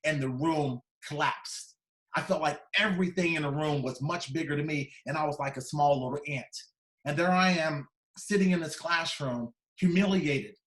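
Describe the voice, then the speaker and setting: A man's voice: fairly high pitch, normal speed, a bit bright. A man in his fifties giving a personal storytelling speech as keynote speaker, dramatic and acting out the voices in his story. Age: 50s. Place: large conference hall. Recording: echoey conference hall.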